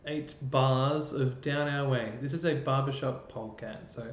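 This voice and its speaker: A man's voice: medium pitch, a little slow. A man teaching an online music lesson, explaining step by step and thinking aloud as he works a computer. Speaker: chorus music educator. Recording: roomy, dull lo-fi sound with faint noise.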